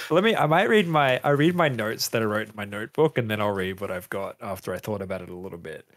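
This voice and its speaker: A man hosting a casual film podcast, recapping scenes in an animated way and laughing often. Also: lowish voice, fast. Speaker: podcast host.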